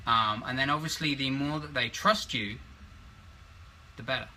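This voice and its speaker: A man's voice: medium pitch, normal speed, bright, forceful tone, a little hiss or hum, poor audio. A British man giving casual business advice, rambling and losing his thread as he talks. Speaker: co-host.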